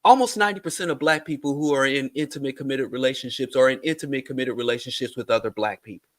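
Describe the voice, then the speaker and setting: A man's voice: mid-range voice, quick pace, a bit bright, no room sound. Emphatic man arguing his point. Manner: emphatic, argumentative. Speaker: podcast guest. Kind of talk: casual podcast discussion.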